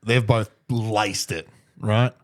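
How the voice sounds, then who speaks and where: A man's voice: on the low side, fairly even intonation, takes it slowly. A man co-hosting a casual podcast, bantering bluntly and swearing a lot. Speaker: podcast co-host. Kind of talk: casual chat.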